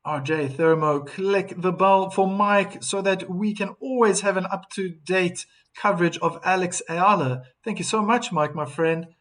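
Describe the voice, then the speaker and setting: High-voiced chatty male tennis streamer. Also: unhurried, hardly any pauses, fairly bright tone. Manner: chatty, reads viewer comments between points. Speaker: live stream tennis commentator. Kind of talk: live streaming commentary.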